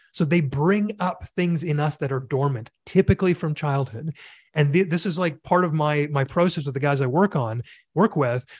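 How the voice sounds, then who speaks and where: A middle-aged man with a slightly higher-than-usual voice talks earnestly and reflectively, drifting into long rambles between fillers. The sound is dry and close, with no room around it. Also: no echo. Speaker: podcast host and men's coach. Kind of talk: casual conversational podcast.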